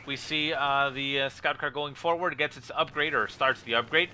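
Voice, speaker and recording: A man casts a strategy game replay in running play-by-play, his voice sharp and very bright. He calls each skirmish as it happens, filling gaps with "uh" and leaping up in excitement when a unit falls. There is a faint hiss behind him. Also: mid-range voice. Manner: rapid play-by-play with frequent "uh" fillers, rising excitement at kills. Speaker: game caster.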